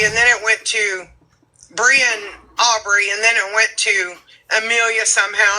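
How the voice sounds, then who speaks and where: Bright, blunt woman ranting on a livestream. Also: mid-range voice, rough recording. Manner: blunt, profane, defiant.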